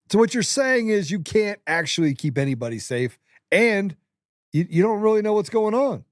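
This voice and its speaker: A man with a fairly high voice co-hosts a loose political chat. He jokes, laughs often and trips over his own restarts. The sound is dry and close, with no room around it. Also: big pitch swings, normal speed, dry recording. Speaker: podcast co-host.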